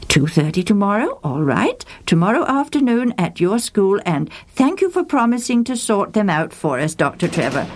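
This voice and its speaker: A woman's voice: mid-range voice, sing-song, moderate pace, few pauses, a little mellow. A woman reading aloud, voicing a flustered, polite male monastery librarian who hesitates and stammers on the phone. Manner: hesitant, many uh fillers, polite.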